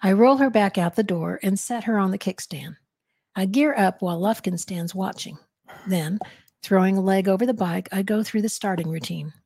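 A woman reads a novel aloud on a podcast, then talks it over with measured thought. Her voice has a husky edge at a middling pitch, and the sound is dry and close. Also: warm tone, no echo. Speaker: podcast co-host and reader. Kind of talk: reading a novel aloud and discussing it.

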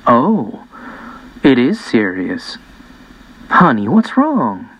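A man's voice: medium pitch, wildly swooping pitch, very slow, husky, heavily acted, low-quality recording. A man voicing a firm but caring middle-aged mother in an audiobook. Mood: concerned. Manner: firm, then gentle and concerned.

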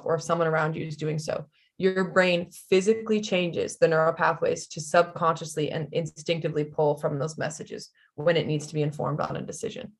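Woman podcast guest, earnest and frank, notably low-pitched. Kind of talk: casual chat.

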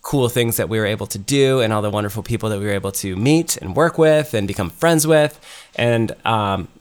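A man's voice: fairly low pitch, fairly quick, clear, resonant tone. A man co-hosting a podcast in casual chat, rambling with lots of ums and restarts. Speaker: podcast co-host.

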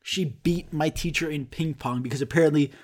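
A man's voice: fairly high pitch, brisk. A young man telling a rambling, profane comic story in casual chat, throwing in sound effects.

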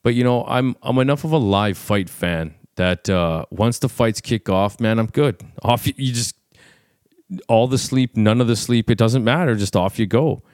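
A man hosting a fight podcast, chatting casually, rambling and excitable, full of restarts and fillers. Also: medium pitch, moderate pace, dry recording, clean studio sound. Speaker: podcast host and fight commentator.

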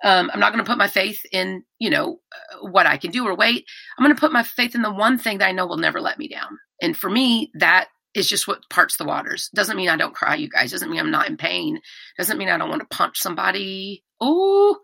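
A woman's voice: on the low side, fairly quick, creaky, no echo. A middle-aged woman, a podcast guest talking candidly and animatedly about hard personal things. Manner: candid, animated, many restarts. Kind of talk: emotional personal conversation.

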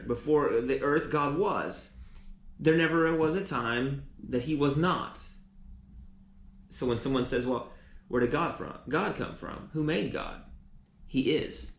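Male preacher, teaching sermon, halting restarts, roomy reverb. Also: medium pitch. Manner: repeats words often, restarts.

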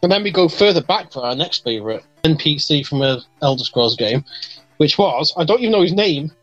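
A man hosting a casual podcast chat, jokey and animated, laughing often. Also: fairly high pitch, a little fast, dull audio, soft background music. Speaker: podcast host.

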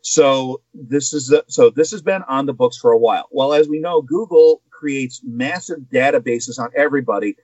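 A man's voice: medium pitch, normal speed, hardly any pauses, darkish tone, no echo, lo-fi sound. A man co-hosting a casual podcast, explaining a news story at length with asides and fillers. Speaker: guest co-host.

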